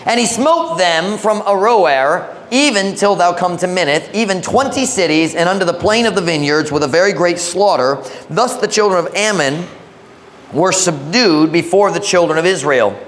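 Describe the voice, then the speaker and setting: Man preaching in church, higher voice. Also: animated, fairly bright tone. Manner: mixes English with Visayan, slow emphatic phrasing. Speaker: pastor. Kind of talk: sermon, Bible reading and prayer.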